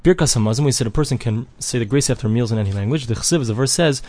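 A fast-talking Talmud teacher with a mid-range, slightly mellow voice works through a daily page lesson. Phrase by phrase, he reads the text aloud and follows up with a plain-English translation and explanation.

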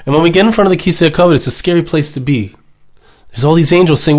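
A man's voice: a little high, racing, darkish tone. A man speaking as a rabbi, delivering an emotional sermon, emphatic and repetitive, with Hebrew terms woven in.

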